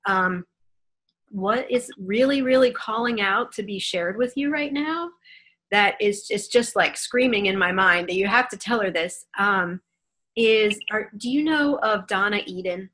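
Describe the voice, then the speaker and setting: A woman hosting a live online question session over a video call, speaking in a gentle, soothing, reassuring way. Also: medium pitch, unhurried. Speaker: host.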